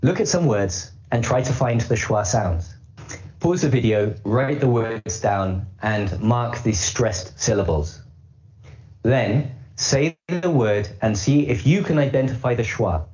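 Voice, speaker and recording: A man teaching English pronunciation in scripted narration, explaining slowly and carefully and repeating model phrases. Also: medium pitch, animated, darkish tone. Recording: slightly dull lo-fi audio.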